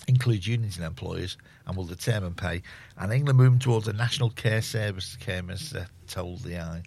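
A male radio presenter, talking into a studio microphone. His voice sits low and carries a gravelly fry. He rambles along easily with plenty of fillers and gently mocks himself as he skims through the papers. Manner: easygoing, rambling, self-deprecating, many fillers. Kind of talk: casual community radio chat and headline reading.

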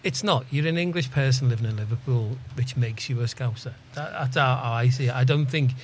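A man co-hosting a community radio show, quick to laugh and ready to argue his point. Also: mid-range voice, a little hiss or hum. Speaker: radio co-host. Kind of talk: casual studio chat.

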